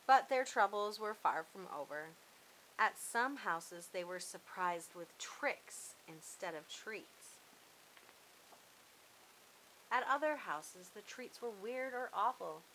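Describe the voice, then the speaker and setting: A woman reads a children's story aloud with a lively, expressive delivery. Her voice is bright and clear in the middle range. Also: mid-range voice, slow, a little hiss or hum, poor audio.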